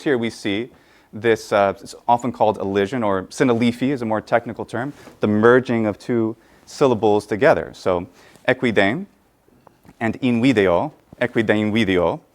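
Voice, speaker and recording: A young man giving a conference lecture on Latin meter and coaching the audience through pronunciation. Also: medium pitch.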